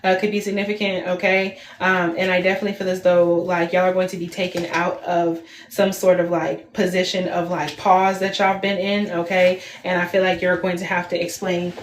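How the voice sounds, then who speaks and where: A woman's voice: lowish voice, little pitch movement, moderate pace. A woman in her twenties giving a casual livestream tarot reading, chatty and repetitive, full of fillers. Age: 20s. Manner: chatty, lots of fillers, repeats herself. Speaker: tarot reader. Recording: roomy echo, faint background hiss.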